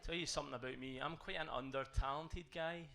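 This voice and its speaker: A man's voice: on the high side, steady tone, fast talker, vocal fry, sharp tone. A British man doing a self-deprecating stand-up set made of punchy one-liners. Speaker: stand-up comedian. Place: comedy club stage with audience.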